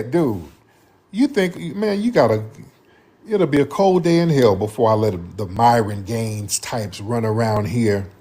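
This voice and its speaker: Husky man, emphatic slangy commentary host, lively up-and-down voice. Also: mid-range voice. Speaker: live-stream commentary host taking callers. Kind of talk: heated live-stream commentary.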